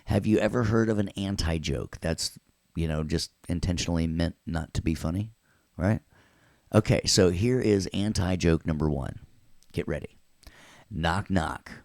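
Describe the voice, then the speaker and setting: Low-voiced joking Nashville instructor. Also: male voice, normal speed, creaky, darkish tone, no echo, clean studio sound. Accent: Southern US, Nashville. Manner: joking, chatty, talks to students. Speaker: audio workstation instructor. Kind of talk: recorded class lecture with jokes.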